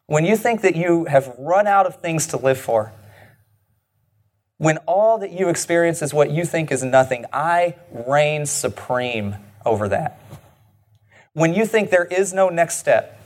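A man preaching a sermon in an earnest way, slowing down and dropping his voice low and soft on key lines. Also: expressive.

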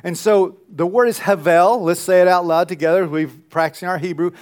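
A man's voice: fairly high pitch, normal speed. A man teaching a Bible lesson to a congregation in a conversational way, asking the room questions and often restarting his sentences. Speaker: pastor teaching a Bible class.

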